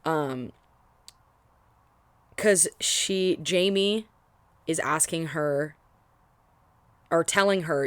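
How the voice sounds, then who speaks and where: A young woman book vlogger chats casually about the book she's reading, rambling with lots of fillers and restarts. Her voice is low and slow, with long pauses, and there's no room sound.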